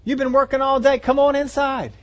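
A man voicing a loving father from a scripture story who gently pleads with his son. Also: extremely high pitch, level tone, fairly quick, voice pushed up. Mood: pleading. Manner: coaxing, pleading.

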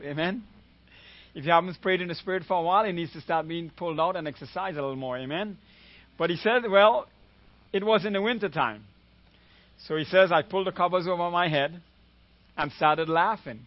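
A man's voice: a little high, highs cut off. A man preaching a sermon as a guest preacher, retelling a story and often asking the congregation "amen?".

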